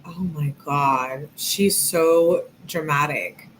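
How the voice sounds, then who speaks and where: A woman's voice: deep voice, extremely slow, slight background noise. A woman hosting a live stream, giving casual commentary in a sarcastic, mocking way and laughing often.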